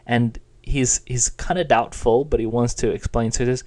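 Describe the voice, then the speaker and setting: A man's voice: medium pitch, normal speed, few pauses, darkish tone. Man patiently explaining a language lesson. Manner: patient, plain explaining with demonstrated intonations. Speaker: Chinese teacher.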